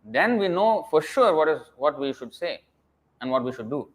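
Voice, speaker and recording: A man's voice: a little high, big pitch swings, moderate pace. A man giving a scripture lecture as a preacher, emphatic and scolding, firing rhetorical questions and dropping to a mutter at phrase ends.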